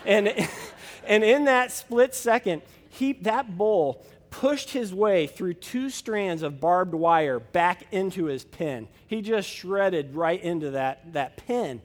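A man's voice: high voice, animated, slow, long reverb tail. A man pastor preaching a sermon and telling a personal story in a folksy way, with many fillers.

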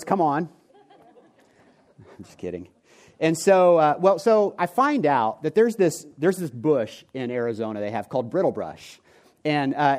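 A man's voice: fairly high pitch, darkish tone. A man in his forties, a pastor preaching a sermon in a joking, conversational way and talking directly to the congregation. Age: 40s. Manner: joking, conversational, talks to the audience. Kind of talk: sermon with humorous storytelling. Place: church before a live congregation.

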